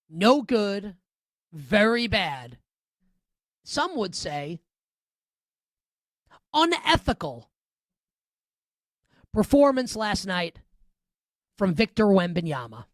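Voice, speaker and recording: A woman's voice: mid-range voice, no echo, clean studio sound. A woman hosting a sports talk radio show, giving opinionated, sarcastic, emphatic commentary. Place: radio studio.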